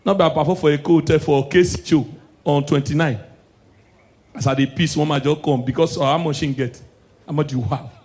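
Nigerian male stand-up comic, high voice, loud and animated on stage. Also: brisk. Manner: loud, animated punchlines mixing Pidgin and English. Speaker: stand-up comedian. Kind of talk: stand-up comedy. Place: live stage show.

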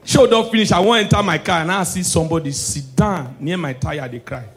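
A man with a Nigerian accent performing stand-up comedy in Pidgin English, swinging from preachy lecturing to loud shouted punchlines. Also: a little high, a little fast.

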